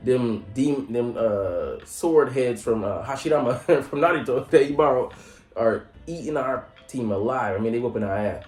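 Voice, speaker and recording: A man giving a casual, slangy recap of an anime episode. He laughs often and jumps into high mock voices. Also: normal speed, darkish tone. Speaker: anime reviewer. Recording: roomy echo with faint music.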